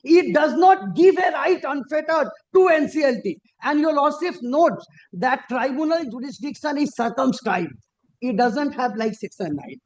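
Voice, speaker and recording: A man arguing formally before a judge as an advocate, deferential and halting, with frequent restarts and emphatic rises on key points. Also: extremely high pitch, expressive, poor audio. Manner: deferential, peppered with repeated formal address to the bench. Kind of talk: formal courtroom argument. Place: courtroom.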